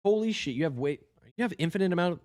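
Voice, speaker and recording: A hoarse man talking casually to a live-stream audience in rambling, self-deprecating asides. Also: sits high, expressive, rapid-fire, darkish tone.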